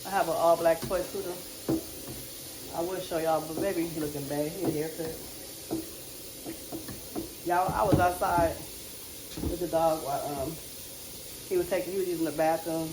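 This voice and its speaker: A woman's voice: low-pitched, steady tone, normal speed, long pauses, reverberant, heavy background noise. A woman vlogger and mother, chatting casually and confidingly to her viewers while she cleans and cooks at home. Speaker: lifestyle vlogger, mother and wife. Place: home kitchen.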